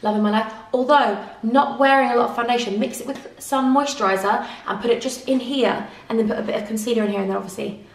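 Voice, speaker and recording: A woman's voice: fairly high pitch, fast talker, hardly any pauses. A giggly, self-mocking British woman in her twenties chatting through a holiday outfit try-on vlog on a camera mic. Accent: British English. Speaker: fashion vlogger. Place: outdoors on holiday, then an airport. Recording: distant camera mic with noisy background.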